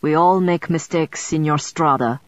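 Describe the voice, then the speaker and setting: A gentle, tactful royal physician who speaks slowly and softly, read by a woman narrator. The voice sits lower, on a dull, dry audiobook recording. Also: no echo. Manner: gentle, unhurried.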